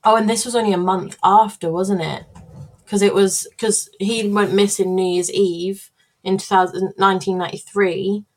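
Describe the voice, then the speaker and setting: A woman's voice: mid-range voice, fairly even intonation, normal speed. A woman co-hosting a casual podcast, reacting bluntly and swearing freely. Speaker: podcast co-host.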